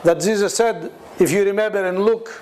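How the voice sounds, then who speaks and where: This guest preacher's voice sits high and moves briskly. At a church meeting with a responding congregation, he delivers a conversational testimony sermon full of laughter and animated storytelling, acting out the voices of the people in his tales.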